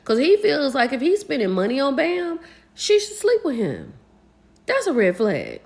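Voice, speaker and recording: A woman's voice: high-pitched, normal speed, gravelly. A woman, chatting casually as she recaps a reality show, gossiping and acting out what people said. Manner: animated, gossipy, acts out quotes.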